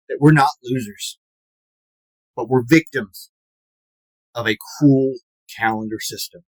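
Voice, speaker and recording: A man in his forties launches into a mock-serious, self-pitying comic rant as an aggrieved podcast fan, drawing out words for dramatic effect. His voice is mid-range, and the recording is dry with poor audio.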